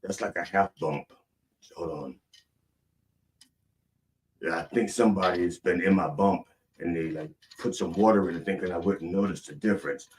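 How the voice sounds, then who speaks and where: A man from northern Maryland with a Maryland accent, hosting a mock sermon and swinging between booming prayers and mumbled asides. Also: normal speed, pauses often, recorded from a distance, a little hiss or hum. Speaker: comedic preacher host.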